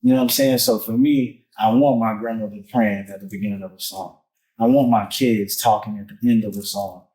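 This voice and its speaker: Male musician guest, casual and lively, heavy slang and profanity. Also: lowish voice, a little fast, rough recording. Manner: animated, profane, street slang. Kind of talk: casual conversation.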